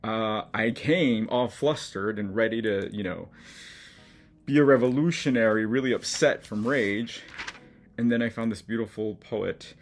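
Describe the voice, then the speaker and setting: Speaking a little slowly in a lowish voice, this middle-aged man hosts a laid-back studio vlog about his collage art. He's talkative and encouraging toward viewers, often moved as he discusses his pieces.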